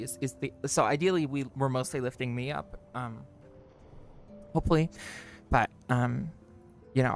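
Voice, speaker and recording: A livestreamer with vocal fry chats casually with viewers and friends, joking, swearing and mocking themselves, their pitch jumping high for greetings.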